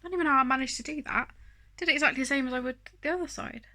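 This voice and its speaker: A woman's voice: sits high, racing, pushed and bright. A woman chatting casually through a makeup tutorial, rambling and self-deprecating, with plenty of fillers. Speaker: beauty vlogger.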